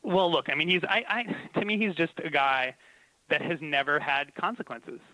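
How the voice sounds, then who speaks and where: Bright-voiced man, casual chat. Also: a little high, moderate pace, no echo, rough recording. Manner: animated storytelling with frequent laughs. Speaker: comedy writer.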